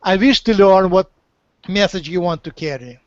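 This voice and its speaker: A man speaks slowly and kindly, offering guidance during a channeling session. His voice sits a little high and sounds dry and close. It comes through a muffled, lo-fi video call. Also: no echo. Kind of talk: advice in a group video call. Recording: dull lo-fi call audio.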